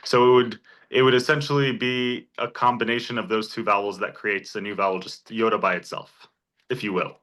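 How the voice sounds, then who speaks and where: Male Greek teacher, low-ish bright voice, patient and encouraging, informal class. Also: fairly even intonation, fairly quick. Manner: encouraging, explains step by step with examples. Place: church classroom.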